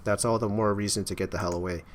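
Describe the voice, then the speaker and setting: A man's voice: on the low side, steady tone, fast, lightly acted. A man voicing a confused young man from a game who wants to escape, speaking in a hesitant, pleading way. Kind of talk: reading game dialogue aloud.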